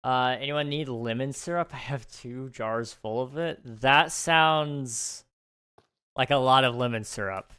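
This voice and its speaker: Young male game streamer, easygoing chatter, bright clear voice. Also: medium pitch, unhurried. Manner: chatty, relaxed, thinks aloud with fillers and small laughs. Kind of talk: casual live-stream chat while gaming.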